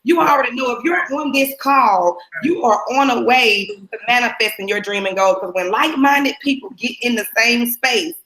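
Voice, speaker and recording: A woman speaking upbeat and excited as a panel speaker on a conference call. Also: on the high side, moderate pace, few pauses, roomy sound, poor audio. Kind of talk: motivational talk on a conference call.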